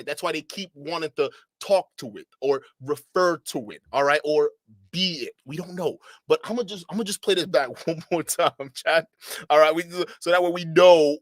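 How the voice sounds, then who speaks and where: A man's voice: on the high side, no echo. A man streaming live reaction commentary, laughing constantly and repeating himself in disbelief as he talks to his chat.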